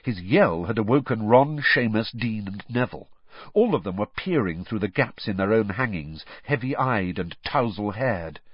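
A man narrating a storybook with expressive storytelling. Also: lowish voice, moderate pace, husky, no room sound. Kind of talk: audiobook reading with character voices. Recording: dull dry lo-fi.

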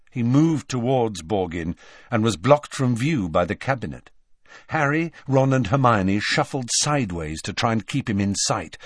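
Male audiobook narrator, lowish voice, expressive pitch, slow, dry studio sound. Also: no echo. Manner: measured, expressive storytelling.

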